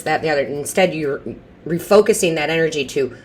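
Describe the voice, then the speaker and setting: A woman's voice: low voice, fairly quick, darkish tone, a little hiss or hum. A woman giving an intuitive tarot reading in a chatty, reassuring way, repeating phrases for emphasis and often restarting mid-sentence. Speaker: tarot reader.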